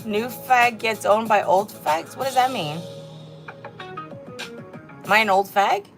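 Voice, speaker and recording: This time the Korean woman's voice is on the high side and slow, with faint music behind her. Hosting her casual livestream, she reads chat messages out loud and makes fun of them, cursing a lot and staying sassy.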